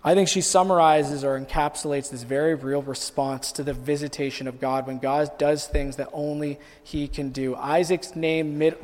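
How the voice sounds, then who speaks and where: Man, pastor, sermon, high voice, repeats phrases, echoing hall. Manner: rises in pitch and volume as he builds intensity; repeats and restarts phrases while preaching. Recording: long hall reverb.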